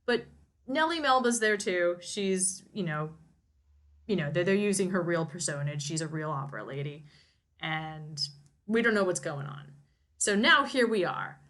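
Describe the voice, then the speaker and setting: A woman's voice: lowish voice, lively intonation, normal speed, a bit bright. A woman co-hosting a podcast, casually recapping a novel in a rambling, wry way with many restarts. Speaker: co-host summarizing a novel.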